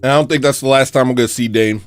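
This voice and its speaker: A man's voice: medium pitch, fairly even intonation, rapid-fire, faint music behind. A man hosting a casual livestream, rambling and joking, reading out viewer messages and slipping into little rhymes. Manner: rambling, joking, slips into rhyming riffs; reads out viewer donations. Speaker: livestream host.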